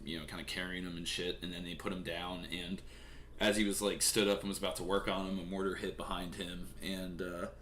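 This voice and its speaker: A man's voice: sits low, flat delivery, fairly quick, a bit bright, a little hiss or hum. A young man casually reading and commenting on the news, profane and rambling with lots of fillers.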